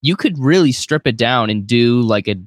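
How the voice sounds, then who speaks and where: A man's voice: medium pitch, expressive, moderate pace, no room sound. Joking man co-host, dry close sound. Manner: joking, rambling. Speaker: podcast co-host. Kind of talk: casual chat.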